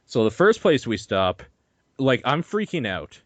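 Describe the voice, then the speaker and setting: A young man hosting a podcast, telling a story in an animated, swearing, laughing way. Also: medium pitch, measured pace, dry recording, dull audio. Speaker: podcast host. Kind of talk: casual chat.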